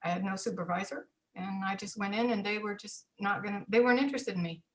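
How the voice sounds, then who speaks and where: Older woman telling lively stories. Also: medium pitch, quick pace, poor audio. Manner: animated, acts out dialogue in quotes. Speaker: interview guest, former teacher. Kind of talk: personal storytelling.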